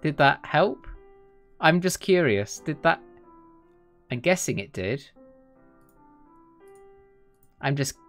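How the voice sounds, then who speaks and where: A man casually commenting while playing a dating game, chatty and quick to laugh and exclaim. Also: fairly high pitch, expressive, a bit bright, soft background music. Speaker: game streamer. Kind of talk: casual let's-play commentary.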